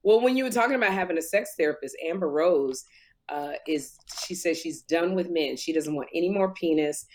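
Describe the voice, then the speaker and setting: A woman's voice: low voice, animated, a little fast, a little mellow. A woman co-hosting a casual chat, gossiping at length and slipping into impressions. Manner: chatty gossip, slips into impressions. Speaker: co-host.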